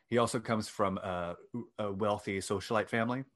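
A man with a somewhat low voice hosts a casual chat, walking his co-host through a story. He is wry and self-deprecating, and he sometimes reads aloud from his notes. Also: fairly even intonation, normal speed, a bit bright. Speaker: podcast host.

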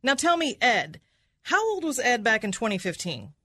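A woman's voice: on the high side, big pitch swings, normal speed, bright, forceful tone, slightly rough, no room sound, clean studio sound. A woman prosecutor cross-examining a witness in an aggressive, accusatory manner, repeating his answers back and ending with "right?".

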